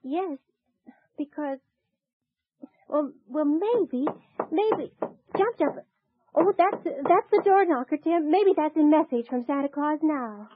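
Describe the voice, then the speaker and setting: A woman playing a kind, gentle young lady in 1940s radio acting, speaking in a motherly way. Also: sits high, animated, a little slow, noisy background. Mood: worried. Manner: gentle, motherly, soft laughs. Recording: tinny, dry 1940s radio transcription.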